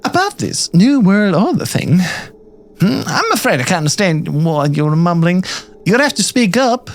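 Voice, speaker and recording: A man's voice: sits high, sing-song, moderate pace, voice pushed up. A man putting on Ashley, a dazed captive girl. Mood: weary. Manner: weary, breathless narration of her own thoughts. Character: tired, dazed captive young woman. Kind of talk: reading a fan otome game aloud with voices.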